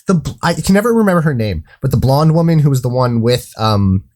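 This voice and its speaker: A man's voice: medium pitch, big pitch swings, brisk, a little mellow. Enthusiastic man retelling comedy scenes. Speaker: podcast co-host. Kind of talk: casual chat.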